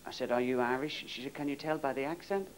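A male comedian delivering deadpan one-liners. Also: medium pitch, fast talker, slight background noise, low-quality recording.

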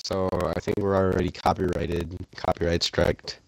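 A man's voice: low-pitched, flat delivery, moderate pace, creaky, low-quality recording. A man joking around crudely and swearing while playing a game with friends. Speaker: gaming friend. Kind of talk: casual gaming chat.

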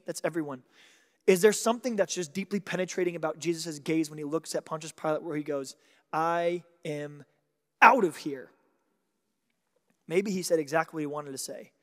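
A man preaching a sermon as pastor, swinging between hushed asides and loud, emphatic declarations. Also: fairly high pitch, long reverb tail. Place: large church hall.

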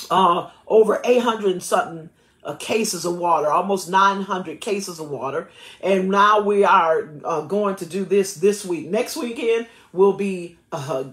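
A woman pastor preaches in an emphatic, lively way, laughing often between her words. Her voice sits at a middling pitch, and it rings in a roomy church space. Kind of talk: sermon and prayer.

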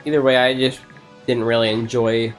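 A man's voice: mid-range voice, level tone, moderate pace, faint music behind. A man hosting a let's play, chatting casually in a rambling way and laughing often. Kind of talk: casual gaming chat.

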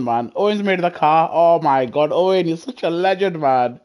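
A man chatting casually on a gaming live stream through a headset, effusive and excitable as he gushes at his viewers. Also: a little high, normal speed, few pauses. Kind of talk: casual live-stream chat while racing.

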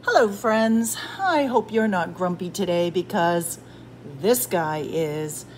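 A woman, a children's librarian, reading a picture book aloud to children with slow, expressive storytelling. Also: on the low side, slight background noise.

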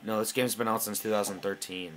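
A man's voice: on the low side, a little fast, heavy background noise. A man hosting a gameplay video, chatting casually and teasing a friend. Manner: excitable, giggly, teasing.

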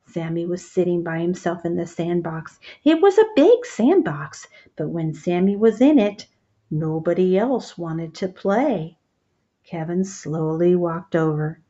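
A woman reading a children's picture book aloud, expressive and stopping to ask the children questions. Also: lowish voice, measured pace, dull audio.

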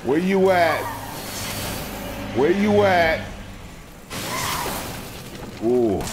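Man, let's play commentary, taunting and profane, slow talker, faint hiss behind. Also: on the high side. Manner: trash-talking, profane, taunting; repeats short phrases over and over. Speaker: gamer.

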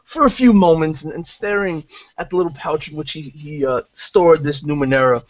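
A man's voice: fairly high pitch, normal speed, no room sound. A man narrating his character's actions in a tabletop game, rambling and stammering, on a dry, muffled lo-fi recording. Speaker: player.

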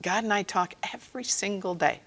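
A woman with a mid-range, fairly bright voice talks fairly quickly as she shares her faith with catechists at a training session. She keeps it earnest and conversational, performing the quotes she brings in.

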